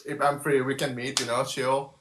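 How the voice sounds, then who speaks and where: A man's voice: medium pitch, level tone, normal speed, fairly bright tone, a little hiss or hum. Thai man with an American accent, echoey room. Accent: Thai speaker with a learned American accent. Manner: friendly, uses many fillers like "like" and "you know". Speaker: host. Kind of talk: casual interview.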